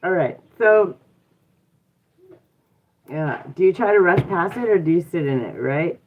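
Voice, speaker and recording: Woman livestream host, low voice, reflective coaching tone, phone-quality tinny sound. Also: lively intonation, unhurried, slight background noise. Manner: reflective and encouraging, many rhetorical questions and "um"s. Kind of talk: casual motivational livestream talk. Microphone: device mic from a live stream. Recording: tinny phone-like live stream audio.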